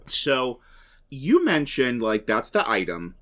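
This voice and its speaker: A man co-hosting a casual podcast chat, animated and chatty, often laughing along. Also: lowish voice, moderate pace. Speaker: podcast co-host.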